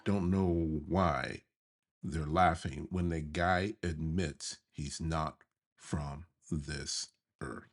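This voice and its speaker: A man from the USA, hosting a podcast, telling a childhood memory in an animated way and chuckling as he goes. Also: a bass voice, extremely slow. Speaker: podcast host. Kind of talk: memoir storytelling podcast.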